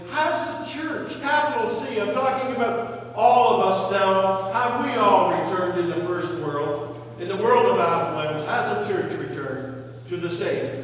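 A man preaching a sermon, retelling scripture with slow, questioning drama. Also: sits high, a bit bright. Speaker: pastor. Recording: echoey hall from far off, faint hum.

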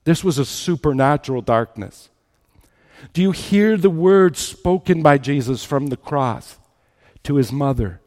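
A man's voice: a little high, expressive, measured pace, darkish tone. A man preaching a sermon at a church service, reading scripture and then pressing his point with repeated rhetorical questions. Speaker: pastor. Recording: long hall reverb.

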